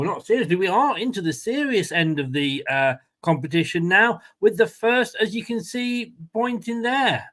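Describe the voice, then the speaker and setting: A man's voice: high-pitched, fairly bright tone. A man hosting a casual live-stream chat, rambling and self-deprecating with asides and restarts. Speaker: watchalong host. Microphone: new desk microphone.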